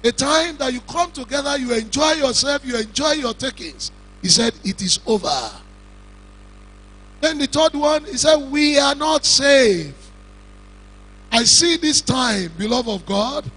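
A man with a Nigerian Yoruba-speaking accent preaching a funeral sermon in a cathedral, slow and emphatic, with shouted lines and questions he puts to the congregation. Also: extremely high pitch, expressive, breathy edge, rough recording. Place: large cathedral.

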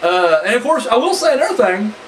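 A man's voice: very high voice, brisk, distant mic, a little hiss or hum, rough recording. A man giving a casual, rambling spoken review of a wrestling match, swearing freely and piling up fillers. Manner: animated, profane and rambling, full of fillers.

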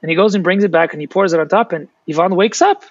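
Brief: male author, lively storyteller, a bit high, lo-fi dry call audio. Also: fast, no room sound. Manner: animated storyteller, restarts often. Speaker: author and guest. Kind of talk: storytelling interview answers. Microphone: video call.

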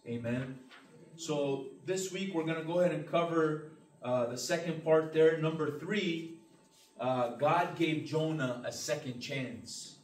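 A man teaching a church Bible class as pastor, earnest and emphatic, with frequent amens and restarts. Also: a little high. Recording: roomy, distant mic, faint hiss.

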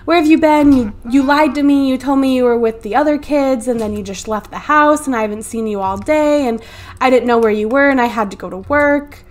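A woman's voice: on the high side, normal speed, close to an everyday voice. A woman voicing an upset young father in a life-sim game, accusing and exasperated, in a let's play.

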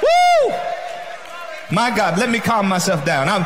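A male pastor preaching an exuberant sermon, shouting and laughing with speech. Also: sits high, animated, a little fast, a loud crowd, very noisy. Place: church sanctuary.

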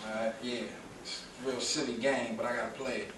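A man's voice: mid-range voice, flat delivery, fairly quick. A man from Detroit giving a live lecture, calling questions out to his audience and playing up the back-and-forth with them. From Detroit, USA. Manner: preachy call-and-response, questions the crowd, playful. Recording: echoey room, distant mic, faint noise.

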